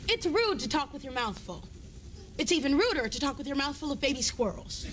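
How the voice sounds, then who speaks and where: A young woman performing a deadpan comic advice segment for a sketch show, breaking into sudden loud shouts. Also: high-pitched, brisk. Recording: studio audience laughter, noisy. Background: studio audience laughing.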